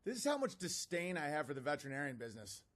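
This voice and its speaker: A man's voice: on the high side, big pitch swings, racing, fairly bright tone. A man in his thirties hosting a livestream, reading out messages and mocking them bluntly. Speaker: livestream host.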